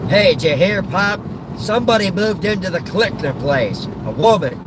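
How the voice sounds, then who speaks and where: A man's voice: sits high, expressive, normal speed. A man playing a hesitant grown son protesting to his father, over car road noise. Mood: casual.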